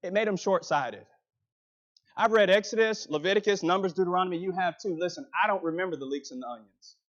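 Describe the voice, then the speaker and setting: Man preaching with a high, emphatic voice. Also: fast, muffled recording. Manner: emphatic, rising and dropping for effect. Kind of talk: sermon.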